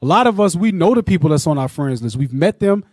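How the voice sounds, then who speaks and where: A man leading a religious teaching discussion. He talks in an animated, repetitive way and often asks "you know what I'm saying.". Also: a little high, fast talker, no room sound, clean studio sound. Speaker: Bible class teacher.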